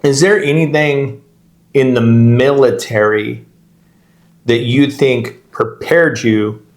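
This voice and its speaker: A man's voice: medium pitch, slow pace. A middle-aged man co-hosting a podcast, chatting casually in long rambling stories that he keeps interrupting and restarts, laughing as he goes. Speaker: podcast co-host, real estate agent.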